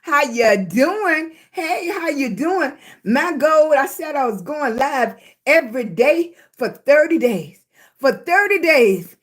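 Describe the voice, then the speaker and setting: A woman's voice: high voice, very animated. A woman chatting casually on a live stream from her phone, greeting viewers, slightly congested after a hospital stay. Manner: chatty, greets viewers, drawn-out emphatic talk. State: recovering from illness, congested.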